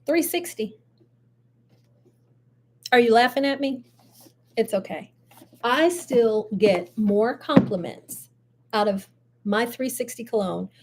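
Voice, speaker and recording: An older woman hosting a casual live chat show, chatty and animated with frequent laughs. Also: on the high side, slow, pauses often, a little hiss or hum. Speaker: host.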